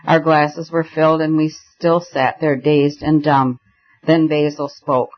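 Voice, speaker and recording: A man reading a novel aloud in first person, with a measured storytelling delivery, in a slightly muffled recording. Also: a little high, level tone. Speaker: audiobook reader.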